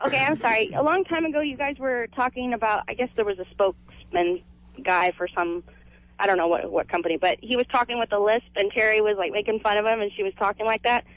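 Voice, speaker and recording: A man's voice: high-pitched, fast talker, fairly bright tone. A man calling in to a radio show, rambling casually about an old bit he enjoyed. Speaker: caller. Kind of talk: phone call to a radio show. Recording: phone line on radio.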